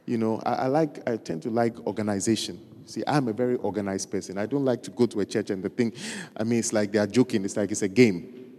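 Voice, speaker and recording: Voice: medium pitch, fast talker, mellow, slight background noise, voice pushed down, close to an everyday voice. Preacher mimicking a griping gossip. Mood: complaining. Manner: complaining, insinuating questions. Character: nagging, gossiping churchgoer stirring doubt. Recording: reverberant hall.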